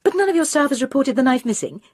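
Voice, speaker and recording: A woman's voice: high voice, lively intonation, fast, darkish tone, no echo, clean studio sound, voice pushed up. A woman voicing a prim, earnest retired lady trying to play detective. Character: prim retired woman turned amateur sleuth.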